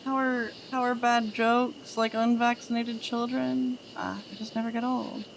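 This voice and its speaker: A woman streaming from home on a desk mic. She talks unhurriedly in a slightly high voice and breaks into giggles as she swaps terrible jokes with her chat. A faint hiss sits underneath. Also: flat delivery, measured pace, gravelly. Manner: giggly, trades groan-worthy jokes with chat. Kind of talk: casual live-stream chat.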